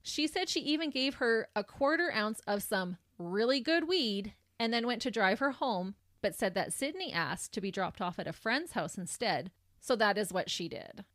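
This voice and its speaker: A woman's voice: fairly high pitch, lively intonation, moderate pace, hardly any pauses, fairly bright tone, no room sound, studio quality. A woman hosting a podcast, recounting a true crime case in a sardonic storytelling manner. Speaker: podcast host.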